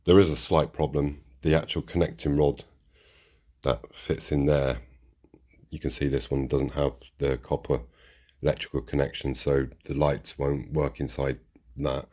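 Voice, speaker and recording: A British model railway channel host, with an extremely low, warm voice, fairly even intonation, and a slightly slow pace, chats casually while unboxing model trains. He rambles and restarts sentences.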